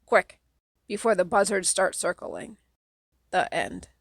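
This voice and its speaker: Lady reading a kids book aloud, gravelly voice, dry close sound. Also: fairly low pitch, big pitch swings, takes it slowly, no room sound. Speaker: audiobook reader. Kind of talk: audiobook narration.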